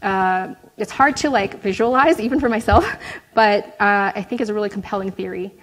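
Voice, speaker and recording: A woman's voice: medium pitch, normal speed, poor audio. A young adult woman presenting her research in an academic talk, explaining results with frequent "right?" check-ins and filler words.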